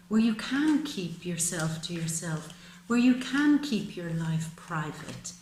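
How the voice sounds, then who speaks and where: A woman doing a tarot reading to camera, emphatic and soothing, calling the listener "baby" and "my love", sometimes dropping to a soft whisper. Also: on the low side. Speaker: tarot reader. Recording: roomy with faint ambient noise.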